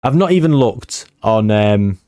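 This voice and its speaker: A man giving excited, swearing commentary on a football management game he is playing. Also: fairly low pitch, unhurried. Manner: animated, swearing, shouting at the match. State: out of breath. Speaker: gaming streamer.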